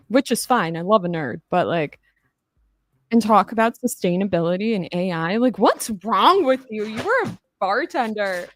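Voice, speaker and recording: A woman's voice: mid-range voice, animated, moderate pace, no room sound. A young adult woman chatting casually on a livestream, rambling, swearing and laughing as she talks. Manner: rambling, profane, laughing often. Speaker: livestream host.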